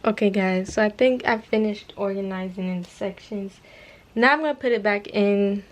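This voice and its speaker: A woman's voice: mid-range voice, normal speed, faint music behind, poor audio. A young adult woman chatting casually to her viewers in a vlog, rambling and addressing them as y'all, from her bedroom. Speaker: vlogger.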